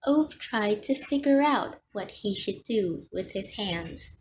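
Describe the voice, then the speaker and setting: A woman reading an audiobook aloud in a slow, expressive manner. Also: medium pitch, a little hiss or hum. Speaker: audiobook reader. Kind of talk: audiobook narration.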